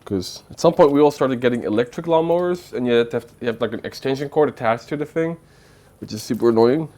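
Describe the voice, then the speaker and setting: A man's voice: medium pitch, expressive, quick pace, darkish tone. A man telling a rambling, playful story on a casual livestream, with lots of filler words. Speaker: streamer.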